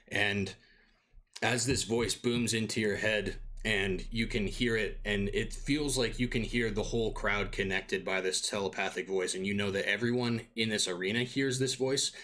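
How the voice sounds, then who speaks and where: A man's voice: lowish voice, sharp tone. A man narrating as dungeon master in a loose, improvised way, full of fillers and searching for words. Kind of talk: improvised tabletop game narration.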